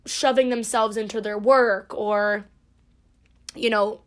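A woman's voice: medium pitch, steady tone, slow. A young woman in her twenties hosting a podcast, chatting casually, blunt and emphatic, swearing freely. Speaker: podcast host. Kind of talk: casual solo podcast chat.

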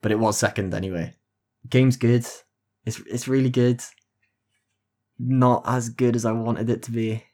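A man's voice: mid-range voice, steady tone, a little slow, pauses often, a little mellow. A man co-hosting a casual gaming podcast, talking with enthusiasm and rambling through long explanations. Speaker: podcast co-host.

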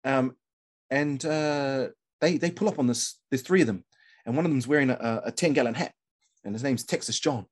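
This podcast guest from New Zealand speaks with a New Zealand accent in a mid-range voice at a moderate pace. He tells a long story casually and animatedly, with lots of fillers, restarts and "bro."

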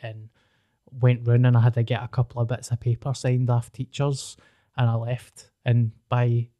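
A man's voice: mid-range voice, completely flat delivery, normal speed, warm tone, dry recording. Scottish guy telling a story on a podcast, swears a lot, dead dry mic. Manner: storytelling, swearing, laughing often. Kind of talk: casual chat.

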